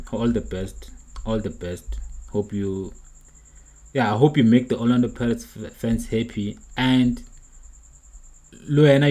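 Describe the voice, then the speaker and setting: A man's voice: lowish voice, warm tone, husky, low-quality recording. A young man hosting a football reaction stream, earnest and frustrated, repeating his points. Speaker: livestream host.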